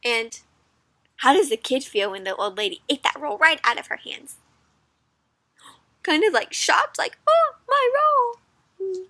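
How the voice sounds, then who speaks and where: A young woman reads a picture book aloud to children in a high, bright voice, taking her time over each page. She is animated and teacherly, pausing often to ask little questions, and the recording is close and dry. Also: dry recording. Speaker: children's read-aloud host. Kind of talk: interactive children's read-aloud.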